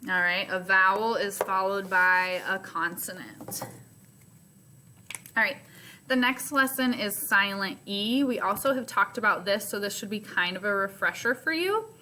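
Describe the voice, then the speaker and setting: A woman teacher records a phonics lesson for her students at home. She talks slowly and patiently, breaking each step down. Her voice is bright and clear. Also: mid-range voice, slight background noise. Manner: slow, patient, explains step by step.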